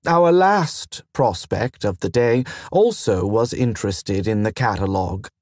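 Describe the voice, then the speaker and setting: A man voicing a gentle, formal and tired gentleman in an audiobook, speaking in a measured, precise way. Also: on the low side, lively intonation, dry recording, clean studio sound, voice pushed down. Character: weary, gentle, formal man on a trade tour.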